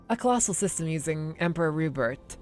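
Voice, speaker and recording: A man voicing an aloof female genius scientist with a dry, matter-of-fact delivery. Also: a little high.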